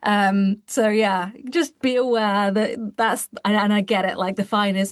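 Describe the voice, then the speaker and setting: A woman's voice: mid-range voice, steady tone, normal speed, few pauses, no room sound, studio quality. An English woman chatting as a podcast guest, emphatic and talkative, with a casual swear now and then. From England. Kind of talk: casual chat.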